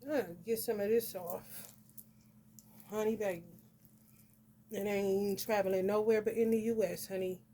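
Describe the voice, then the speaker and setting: A woman's voice: mid-range voice, steady tone, unhurried, pauses often, mellow, slight background noise. A woman giving a casual astrology vlog reading, blunt and profane, peppering her talk with "honey". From northern United States. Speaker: astrology reader. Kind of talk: casual spiritual vlog rant.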